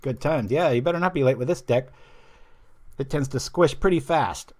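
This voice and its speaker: A male stream host talking through a card game in an easygoing, wandering way, drifting off topic and circling back. His voice sits at an ordinary middle pitch, and he keeps a relaxed, conversational flow. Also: normal speed. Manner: chatty, rambling, loses his train of thought; reads viewer chat aloud. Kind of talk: casual card game commentary.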